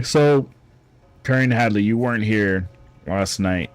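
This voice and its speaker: Low-voiced rambling, joking male streamer. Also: unhurried, dry recording. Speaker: gaming streamer. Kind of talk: casual chat while playing.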